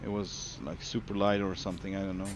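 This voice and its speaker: Swedish-accented man, slightly low voice, unhurried joking game commentary, heavy engine noise behind. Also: dull audio. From Sweden. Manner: relaxed, joking, thinks aloud. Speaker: streamer. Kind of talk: casual gameplay commentary. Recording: loud engine noise under the voice.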